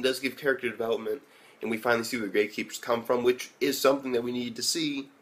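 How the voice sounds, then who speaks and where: A man's voice: medium pitch, fairly bright tone. A man giving a casual spoken anime episode review, rambling and swearing heavily with lots of "like" fillers.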